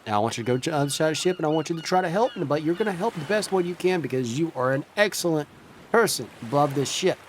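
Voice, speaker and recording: Male GM voicing a folksy ship's medic in a tabletop game: raised, lively voice, patronizing calm. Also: a little high, a little hiss or hum, voice pushed up, natural voice. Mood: coaxing. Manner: coaxing, patronizing, drawn-out words.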